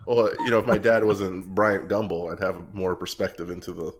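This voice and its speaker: A man co-hosting a podcast, joking around in an animated way. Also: low-pitched, a little fast. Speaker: podcast co-host. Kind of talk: casual chat.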